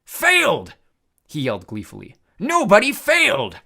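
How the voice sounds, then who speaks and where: A bellowing, high, strained cyclops giant. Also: male voice, wildly swooping pitch, unhurried, vocal fry, pushed and bright, full character voice. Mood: gloating. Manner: bellowing, then whimpering and sobbing. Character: cruel, self-pitying male cyclops giant. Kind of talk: storybook character voice.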